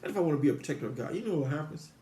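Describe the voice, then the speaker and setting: A man with a fairly high, mellow voice rambles to his viewers about God in an animated, rapid-fire way. His musing meanders and repeats itself, with frequent restarts and rhetorical questions, in a roomy-sounding space.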